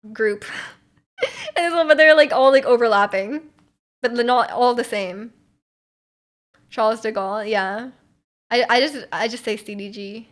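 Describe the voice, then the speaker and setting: A young woman from Canada, streaming and chatting casually while reading viewer messages, rambling with lots of fillers and giggly asides. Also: a little high.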